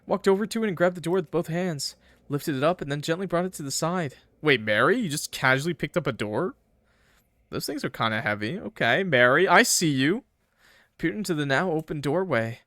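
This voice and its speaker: A man's voice: on the high side, animated, brisk, fairly bright tone, no echo, clean studio sound. A man streaming a game, reading its text aloud in first person and breaking off for joking asides to his chat. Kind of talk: reading a game's text aloud with live commentary.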